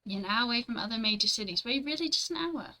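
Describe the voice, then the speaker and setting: A young woman streaming from home, chatting casually with her live chat, blunt and quick to swear and laugh. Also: a little high, lively intonation, pushed and bright, rough recording.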